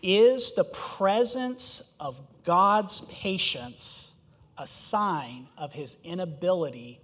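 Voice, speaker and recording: Man preaching, fairly high voice, emphatic and conversational, long hall echo, dull recording. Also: animated, slow, fairly bright tone. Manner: conversational, emphatic, rhetorical questions. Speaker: pastor. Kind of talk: sermon.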